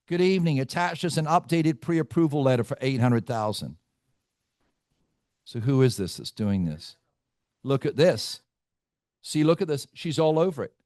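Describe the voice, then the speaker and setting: Brash high-voiced male sales trainer. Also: darkish tone, dry recording, clean studio sound. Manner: brash, teasing, quizzes the audience. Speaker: real estate team trainer. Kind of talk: live team training session.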